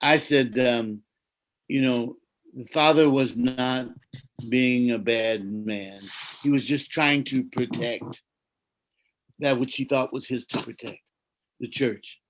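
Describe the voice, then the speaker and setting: A man from the United States, an Orthodox priest, telling a personal story in a gentle, reflective, preacherly way over a video call. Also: medium pitch, fairly even intonation, takes it slowly, long pauses, rough recording.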